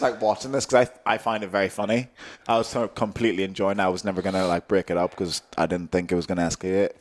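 A young man with a lowish voice tells a story on a podcast, breaking into laughter as he goes. He talks in loose, casual chat with his co-host. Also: steady tone, racing, no room sound.

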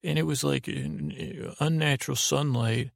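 Gravelly man rambling a drowsy story. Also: medium pitch, normal speed, dry recording, clean studio sound. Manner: meandering, hesitant, full of restarts and asides. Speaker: podcast host. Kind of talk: rambling sleep-story narration.

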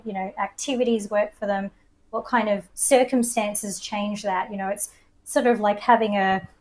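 Australian woman coach, mid-pitched, confident explainer, podcast guest. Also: fairly even intonation, moderate pace, a little mellow, low-quality recording. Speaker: coach and presenter.

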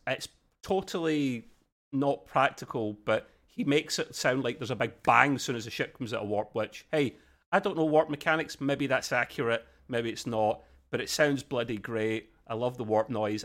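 A man's voice: mid-range voice, moderate pace, a bit bright. Chatty Australian man reviewing a show. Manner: rambling, enthusiastic, frequent restarts and fillers. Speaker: podcast co-host. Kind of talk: casual review chat.

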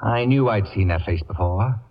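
A pompous, gloating radio celebrity. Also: male voice, lowish voice, moderate pace, lo-fi sound. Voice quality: theatrical, mocking, grandiloquent. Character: pompous, acid-tongued older male radio celebrity. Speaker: Sheridan Whiteside, lead role. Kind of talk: 1940s radio acting. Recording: scratchy 1940s radio broadcast with reverb.

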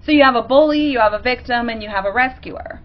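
A woman hosting a podcast, explaining ideas in a casual teaching monologue. She talks conversationally and slips into quick acted examples. Her voice sits fairly high, and the audio is dull and lo-fi. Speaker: podcast host.

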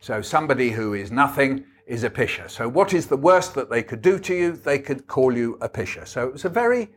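Wry older author telling stories. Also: male voice, medium pitch, sing-song, brisk. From England. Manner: wry, anecdotal storyteller. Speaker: author guest. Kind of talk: storytelling book talk.

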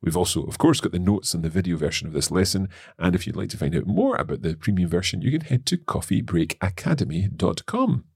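Husky low-voiced male lesson host. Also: big pitch swings, a little mellow, no echo, clean studio sound. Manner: working slowly through foreign phrases, hesitant fillers. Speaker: podcast host and learner. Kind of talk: language lesson podcast.

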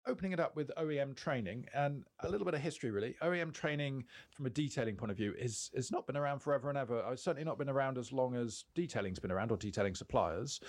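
Man from hampshire, podcast host, chatty, laughs a lot, mid-pitched. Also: no echo. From Hampshire, England. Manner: chatty, laughs often, rambling with fillers. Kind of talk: casual chat.

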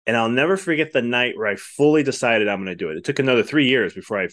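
A man's voice: medium pitch, lively intonation, quick pace, fairly bright tone. A man hosting a podcast, talking in an earnest, effusive and rambling way. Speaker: podcast host. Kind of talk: casual interview talk.

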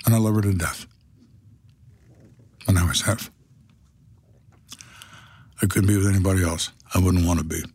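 A man's voice: low voice, fairly even intonation, normal speed, long pauses, darkish tone, slightly rough. An older man, a retired detective, telling stories from his life in a dry, matter-of-fact way. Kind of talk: storytelling monologue.

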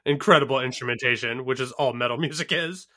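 A man's voice: mid-range voice, fast talker, sharp tone. A man co-hosting a podcast, ranting sarcastically and laughing as he talks. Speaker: podcast co-host. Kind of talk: casual podcast chat.

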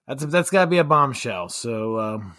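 A man's voice: medium pitch, animated, normal speed, bright, forceful tone, dry recording, clean studio sound. A man co-hosting a podcast, chatting casually about a film with rambling, joking remarks and many restarts. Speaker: podcast co-host. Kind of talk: casual film review chat.

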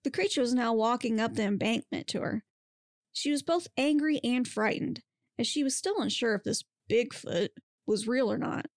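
A woman podcast host reading a monster romance story aloud with steady, expressive narration. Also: a little high, moderate pace, dry recording, studio quality.

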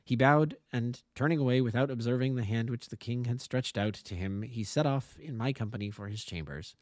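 A man, an amateur narrator, reading a classic story aloud with expressive storytelling. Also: medium pitch, a little fast, dry recording. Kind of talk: audiobook reading.

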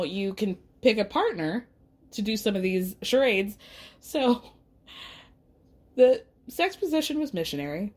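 A woman hosting a podcast, recapping reality TV in a chatty, gossipy way and laughing often. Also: medium pitch. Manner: gossipy, laughs often, quotes people in quick impressions.

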